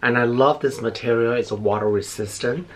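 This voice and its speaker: A man's voice: medium pitch, brisk. A middle-aged man, chatting effusively while unboxing gifts, a little out of breath. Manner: gushing, effusive, repeats himself. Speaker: beauty vlogger. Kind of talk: casual unboxing chat.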